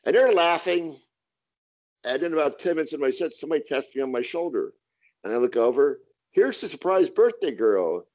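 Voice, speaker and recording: A man's voice: fairly high pitch, fairly quick, a little mellow, lo-fi sound. A man, a stand-up comedian, telling a profane story in casual podcast talk, acting out the quotes.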